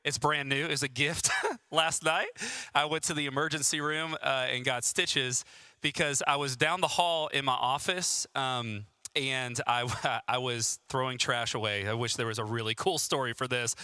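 Guy in his 30s preaching, super bright tense voice, jokey and self-deprecating, dry close sound. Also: mid-range voice, fairly even intonation, normal speed, smooth, dry recording. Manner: chatty, self-deprecating, laughs often. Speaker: pastor. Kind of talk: sermon with personal stories.

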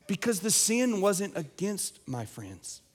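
Young man, pastor, sermon, earnest, emphatic, slightly high voice. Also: sing-song, takes it slowly. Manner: earnest, emphatic preaching with wide swings in loudness.

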